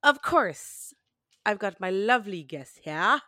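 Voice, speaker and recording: A woman's voice: medium pitch, big pitch swings, takes it slowly, sharp tone, dry recording, studio quality. A woman hosting a podcast in a casual, upbeat way, often restarting her sentences. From Canada. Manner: upbeat and chatty, with frequent restarts. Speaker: podcast host.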